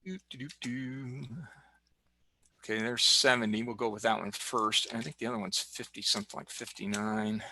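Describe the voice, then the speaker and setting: A man's voice: fairly low pitch, level tone, normal speed, pushed and bright, a little hiss or hum. A man giving a casual screen-share tutorial as guest expert on a video call, chatty and joking as he clicks through steps. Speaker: guest expert demonstrating software.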